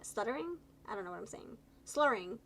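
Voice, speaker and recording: A woman doing a live tarot reading, chatty and encouraging, tired and low on energy, stumbling over her words now and then. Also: moderate pace, poor audio. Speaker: tarot reader.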